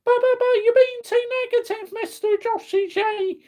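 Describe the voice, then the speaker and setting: A man's voice: extremely high pitch, steady tone, moderate pace, a little mellow, pitched above the performer's own voice. A man voicing a whiny nagging critic who mocks him with stuttering "but, but, but" taunts. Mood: mocking whine.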